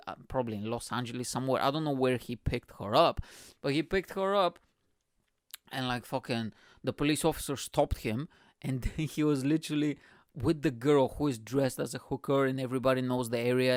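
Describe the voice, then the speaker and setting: A young man hosting a comedy podcast, telling a story in an energetic, profane, rambling way. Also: medium pitch, brisk, no echo, studio quality. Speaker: podcast host. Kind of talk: casual comedic podcast monologue.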